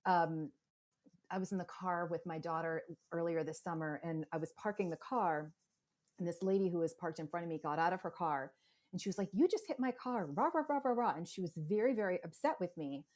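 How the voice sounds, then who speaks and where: A woman in her forties telling animated stories in a casual interview, acting out other people's voices as she goes. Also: lowish voice, brisk. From United States. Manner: animated storyteller, acts out quoted voices. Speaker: podcast guest, psychotherapist.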